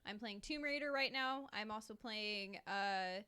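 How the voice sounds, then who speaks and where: A woman's voice: mid-range voice, unhurried, bright, forceful tone, clean tone. A woman co-hosting a podcast who chats in a giggly, rambling way. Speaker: podcast co-host. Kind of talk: casual chat.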